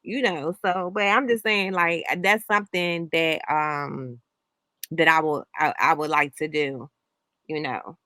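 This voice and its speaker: A woman's voice: low-pitched, measured pace, sharp tone, dry recording. Woman telling a rambling story. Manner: rambling storytelling with many restarts. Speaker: host. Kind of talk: casual chat reacting to an interview.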